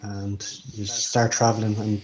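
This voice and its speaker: A man running a tabletop game as game master, narrating scenes in a halting, descriptive way. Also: lowish voice, flat delivery, darkish tone, dull audio.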